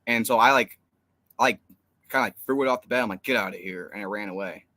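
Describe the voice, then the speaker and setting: A man's voice: lowish voice, quick pace, pushed and bright, no room sound. A young man co-hosting a fan live stream, rambling through an exasperated story with lots of fillers. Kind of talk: casual live stream chat.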